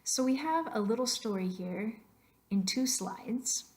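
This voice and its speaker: A woman's voice: on the high side, expressive, a little mellow. Patient woman teaching over narrated slides. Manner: patient, explains slowly, models pronunciations aloud. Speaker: Spanish teacher.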